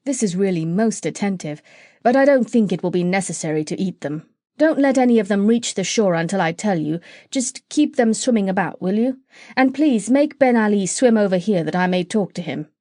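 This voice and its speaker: A woman voicing a gentle, kindly doctor who speaks softly and politely. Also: mid-range voice, lively intonation, a little fast, no echo, clean studio sound, close to an everyday voice. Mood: mild. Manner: soft, polite and mild.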